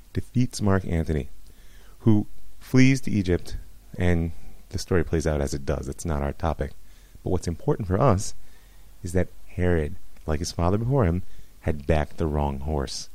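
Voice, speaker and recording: A man's voice: low-pitched, brisk, warm tone, dry recording, low-quality recording. A man teaching Jewish history as a rabbi, telling it as a story with wry asides, on a close mic. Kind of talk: recorded history lecture.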